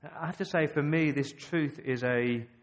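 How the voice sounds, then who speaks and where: An Australian man preaching a sermon, emphatic and full of rhetorical questions, with dramatic pauses. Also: fairly high pitch.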